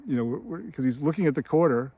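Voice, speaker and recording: A man's voice: a little high, animated, quick pace, dark tone, slightly rough, no room sound. A man hosting a screenwriting channel, telling a film scene in casual commentary with an enthusiastic, filler-heavy storytelling manner.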